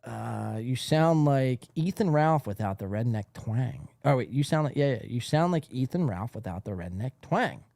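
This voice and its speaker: A man's voice: mid-range voice, lively intonation, normal speed, gravelly, few pauses, mellow, no echo, studio quality. A man hosting a live podcast, rambling casually and laughing as he reads the chat aloud, worn out after a long stream. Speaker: podcast host. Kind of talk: casual livestream commentary.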